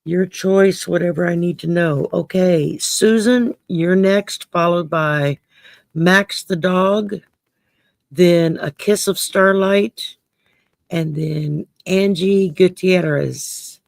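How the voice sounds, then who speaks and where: A woman's voice: fairly low pitch, slow pace, gravelly, no room sound. A woman from Louisiana with a Cajun accent, hosting a casual late-night stream, reading cards for viewers with salty jokes and cussing. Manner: salty, jokey, swears freely and laughs often.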